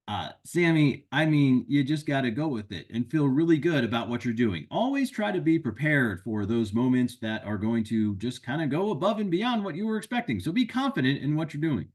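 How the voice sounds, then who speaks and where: A man's voice: mid-range voice, very animated, moderate pace. A man hosting an upbeat, encouraging advice talk for parents and teachers, walking through a list of tips. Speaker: educational consultant and host.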